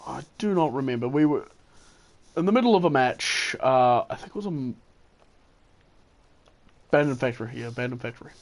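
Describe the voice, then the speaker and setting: A man's voice: mid-range voice, brisk, long pauses. A man telling a gaming story in a casual, rambling way, chuckling and correcting himself as he goes. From New Zealand. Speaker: gaming channel host. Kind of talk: casual storytelling gameplay commentary.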